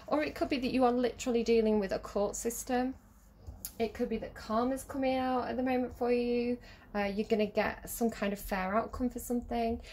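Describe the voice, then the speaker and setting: A woman's voice: fairly high pitch, steady tone, brisk, darkish tone, slight background noise. Giggly, rambling woman. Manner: chatty, giggly, rambling with many fillers. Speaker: tarot reader. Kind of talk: casual tarot reading.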